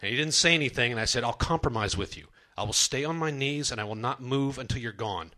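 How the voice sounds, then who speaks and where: A man's voice: mid-range voice, fast, sharp tone. A young man performing a true story on a comedy stage, dramatic and self-mocking.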